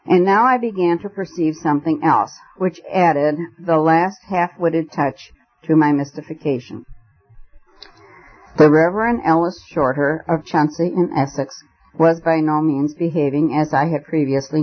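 A man reading a story aloud in a measured, expressive narration. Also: on the high side. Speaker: audiobook narrator. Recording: dull lo-fi recording.

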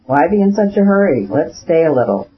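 A man's voice: a little high, very animated, fairly quick, voice pushed up. Earnest elder brother, educated and lecturing , read by a man; persuasive, dull lo-fi audio. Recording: dull lo-fi recording.

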